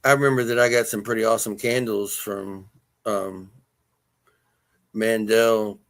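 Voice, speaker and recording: A man's voice: fairly low pitch, flat delivery, measured pace, fairly bright tone. A man co-hosting a live stream, putting in short, laid-back remarks during casual chat.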